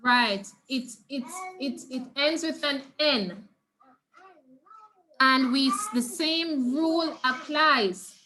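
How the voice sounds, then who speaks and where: A woman with a Jamaican accent teaching a Spanish class over a video call, patiently repeating words slowly for her students. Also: high voice, pushed and bright, a little hiss or hum. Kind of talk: online class lesson. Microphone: computer mic on a video call.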